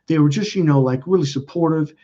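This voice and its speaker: A man's voice: on the high side, fast, dark tone, dull audio. A man telling a personal story as a self-help video host, rambling and cutting himself off mid-sentence. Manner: rambling, self-interrupting, casual with profanity.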